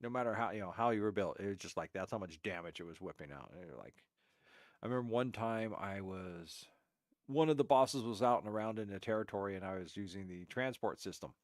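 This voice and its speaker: A man's voice: fairly low pitch, lively intonation, fairly quick, no echo, studio quality. A man reacting to a game stream, telling rambling stories with many restarts and fillers. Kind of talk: casual reaction commentary.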